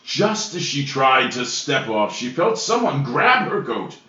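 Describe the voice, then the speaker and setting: Slow, animated man in an echoey room. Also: medium pitch. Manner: laughs often, reads a joke story aloud with hammy voices. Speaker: podcast co-host. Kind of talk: casual podcast banter, reading jokes aloud. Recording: distant, roomy, dull lo-fi sound with faint hiss.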